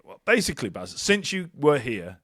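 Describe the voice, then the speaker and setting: A man's voice: mid-range voice, sing-song, moderate pace, a bit bright, husky, no room sound, clean studio sound. A man co-hosting a casual podcast chat, rambling and self-mocking with lots of hesitations. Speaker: podcast co-host.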